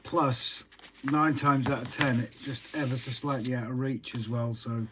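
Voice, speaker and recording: A man's voice: mid-range voice, flat delivery, moderate pace, noisy background. A man chatting casually and joking while building a model railway. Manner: jokey, easygoing.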